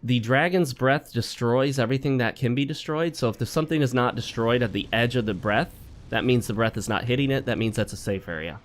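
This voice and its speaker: A man with a mid-range, fairly quick voice hosts a gaming channel, chatting wryly through a let's play and mixing advice talk with joking asides as he plays.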